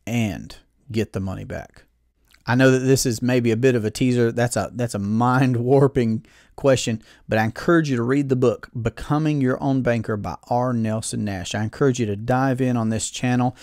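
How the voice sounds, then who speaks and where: A man's voice: mid-range voice, a little mellow, no room sound, studio quality. A man hosting his own channel, giving an earnest, persuasive talk about money and asking his audience rhetorical questions. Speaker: channel host and financial speaker. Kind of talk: explanatory talk to camera.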